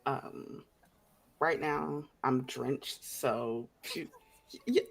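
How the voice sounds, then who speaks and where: A woman's voice: rumbling low, extremely slow, gravelly. A woman playing in a tabletop game, playful and laughing as she speaks. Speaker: player.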